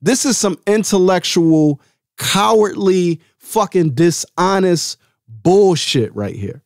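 A man's voice: slow, dry recording, studio quality. Heated, profane man ranting solo. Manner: drops to a low calm voice to settle himself. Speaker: host. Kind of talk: solo podcast rant.

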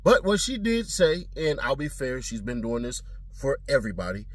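Husky man ranting casually. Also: medium pitch, moderate pace, no room sound. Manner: animated, blunt, slangy and profane. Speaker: commentator. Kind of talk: casual legal commentary.

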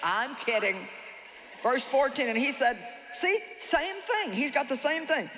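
A woman's voice: high voice, a little slow, noisy background. Humorous woman preaching in an echoey hall. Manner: lively, humorous, acts out the people she describes. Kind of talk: sermon. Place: large hall with a live audience. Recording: echoey hall, faint ambience.

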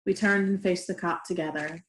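A woman reading a novel aloud in a steady, gentle way, in an echoey room. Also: on the low side, normal speed, slight background noise. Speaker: reader. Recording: roomy echoey room recording.

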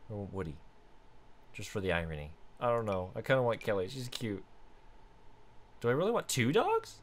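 Animated man narrating his gameplay. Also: normal speed. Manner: chatty, bursts into excited high squeals. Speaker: gaming video host. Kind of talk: casual let's-play commentary.

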